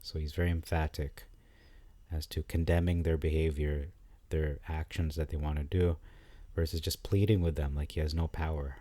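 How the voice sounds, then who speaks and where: Man, low warm voice, casual study-style commentary, halting delivery. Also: little pitch movement, no echo. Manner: thinking aloud, halting with frequent fillers and restarts. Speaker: scripture commentator.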